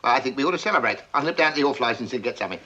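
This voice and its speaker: An actor playing a cheeky wheeler-dealer in a 1970s British film comedy, chirpy and wheedling in fast banter. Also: male voice, mid-range voice, lively intonation, bright, forceful tone, dull audio, slight background noise.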